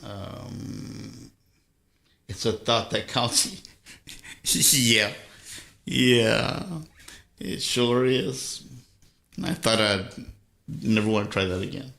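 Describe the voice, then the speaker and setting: A man's voice: fairly low pitch, fairly even intonation, drawn-out words, vocal fry, long pauses, bright, forceful tone, echoey room. A man from Southern California hosting a live stream, chatting casually with viewers and telling rambling stories with frequent chuckles. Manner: easygoing storytelling, chuckles often. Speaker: live stream host reading viewer chat.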